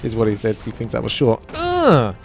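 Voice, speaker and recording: A man's voice: on the low side, flat delivery, fast talker, gravelly, darkish tone. A man giving casual, chatty gameplay commentary while he plays, joking at himself and reading viewer comments aloud.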